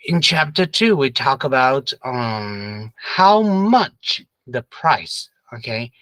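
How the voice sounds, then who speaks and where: A man's voice: medium pitch, very animated, takes it slowly, a bit bright, dry recording, poor audio. A man teaching an English review lesson, patiently repeating questions and prompting students to answer together.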